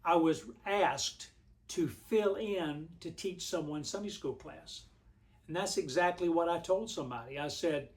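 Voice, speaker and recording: A man's voice: a little high, expressive, moderate pace. A man, a pastor giving a devotional message in a homespun, storytelling way. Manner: homespun, rambling storyteller with frequent restarts.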